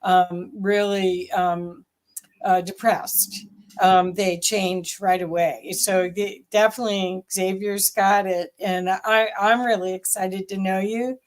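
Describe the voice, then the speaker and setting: A woman hosting an interview, speaking in a halting, enthusiastic way with many pauses. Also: mid-range voice, steady tone. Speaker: host. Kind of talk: casual interview talk.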